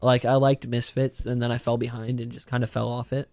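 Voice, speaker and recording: A young man guesting on a podcast, chatting in a loose, relaxed way. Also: medium pitch, brisk, gravelly, no room sound, faint music behind. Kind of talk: casual chat.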